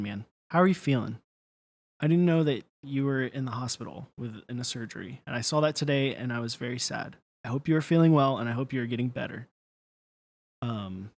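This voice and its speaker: A man co-hosting a livestream show in relaxed casual chat, joking and laughing easily. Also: mid-range voice, no room sound. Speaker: co-host of a keyboard livestream show.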